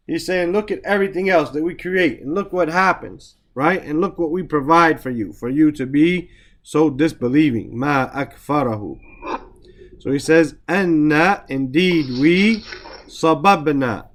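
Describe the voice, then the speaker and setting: A man teaching the meanings of Quranic verses, reciting the Arabic quickly, then explaining each word slowly with repetitions. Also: on the high side. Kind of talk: Quran vocabulary lesson.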